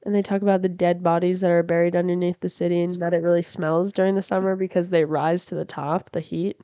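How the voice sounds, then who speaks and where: A woman chatting as a podcast guest in a house, animated and blunt, swearing freely. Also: on the low side, fast talker, clear, resonant tone, no echo. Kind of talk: casual chat.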